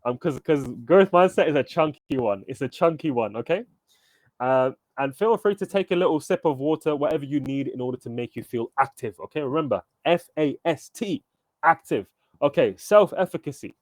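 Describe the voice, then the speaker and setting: A man coaching a live online workshop, energetic and encouraging, calling on participants by name and checking in with "okay?" and "right?" as he talks over a computer mic. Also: fairly high pitch, normal speed, no echo.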